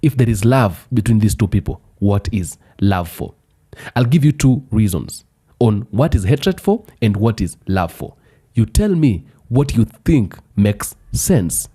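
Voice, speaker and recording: A man giving a spoken commentary monologue, deliberate and repetitive, built around rhetorical questions. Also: on the low side, very animated, warm tone, husky.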